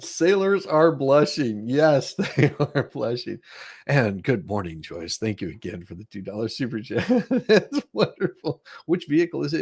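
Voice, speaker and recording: Gravelly, husky-voiced man hosting a stream. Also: medium pitch, dry recording, clean studio sound. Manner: chuckling, easygoing, talks through car repair know-how. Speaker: live-stream host. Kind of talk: casual live-stream commentary.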